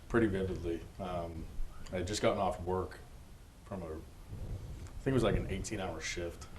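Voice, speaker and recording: A man giving a personal church testimony, earnest and halting, with many fillers and restarts. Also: deep voice, a little hiss or hum, poor audio.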